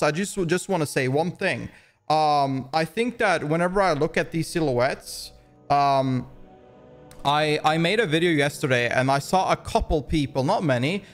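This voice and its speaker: A man giving opinion commentary, rambling along with frequent restarts and fillers. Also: a little high. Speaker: commentary YouTuber.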